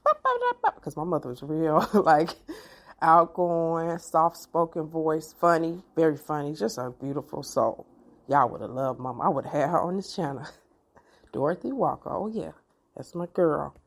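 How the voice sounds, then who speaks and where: A middle-aged woman, telling a personal story to her viewers in an animated, expressive way. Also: low voice, moderate pace. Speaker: vlogger.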